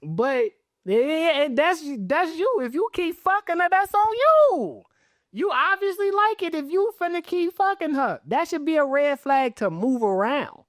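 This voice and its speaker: A man co-hosting a casual podcast whose pitch rises and falls animatedly as he argues. He swears casually and keeps pressing his point. The recording is dry and close. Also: normal speed, no room sound. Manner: animated, profane, argumentative banter. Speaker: podcast co-host. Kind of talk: casual chat.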